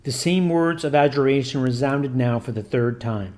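A man narrating a religious story in a measured, solemn reading. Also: medium pitch, darkish tone. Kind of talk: scripted narration.

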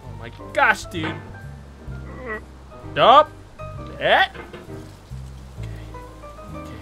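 A young man commenting on his gameplay, exasperated and raging, shouting "dude" and swinging between muttering and yelling. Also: on the high side, very animated, a little slow, faint music behind. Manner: exasperated, keeps saying "dude", shouting in rage. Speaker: gaming YouTuber.

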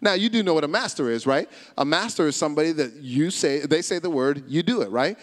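American guy preaching, kinda high voice, keeps getting the crowd to repeat stuff, big echoey church hall. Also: quick pace. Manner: animated, repeats phrases and calls on the congregation to repeat. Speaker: pastor. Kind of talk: sermon. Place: church service, large hall. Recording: long hall reverb.

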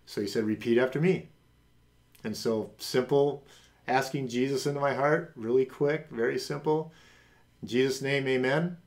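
A middle-aged man hosting a podcast, telling a personal faith testimony and acting out the voices of people in it. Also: moderate pace. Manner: animated, acts out quoted voices with big pitch jumps. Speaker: podcast host.

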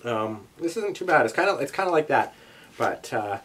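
A man's voice: mid-range voice, sing-song, normal speed, fairly bright tone, slight background noise. A young man vlogging a taste test, talking in a rambling, chatty way with many asides. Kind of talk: casual chat to camera.

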